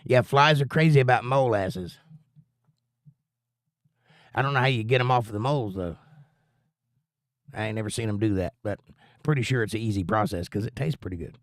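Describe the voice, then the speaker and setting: A man's voice: lowish voice, normal speed, pauses often, no room sound, studio quality. A man hosting a casual livestream, chatting in a rambling, folksy way and reading viewer comments aloud. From United States. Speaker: livestream host.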